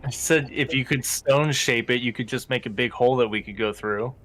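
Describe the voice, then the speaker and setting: A man's voice: medium pitch, fairly quick, a bit bright. A man playing in a tabletop game, easygoing and offering suggestions to the group. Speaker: player. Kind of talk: casual chat at a tabletop game.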